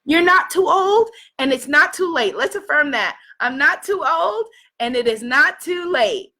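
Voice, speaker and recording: A New York City woman in her fifties, her voice going hoarse, delivers an emphatic motivational talk as a life coach. Her voice sits high and is animated, and she keeps a measured pace while repeating affirmations and sometimes shouting.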